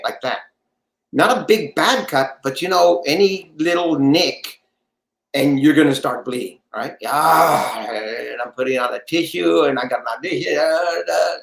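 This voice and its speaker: Animated storytelling man, roomy sound. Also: a little high, creaky. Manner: lively storyteller, acts out quoted voices. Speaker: guest actor. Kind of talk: animated anecdote telling.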